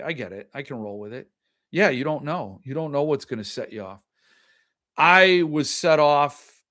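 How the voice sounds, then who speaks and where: Chatty male host, slightly higher voice. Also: sharp tone. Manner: chatty, reacts to viewer comments, trails off and restarts. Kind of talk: casual livestream chat.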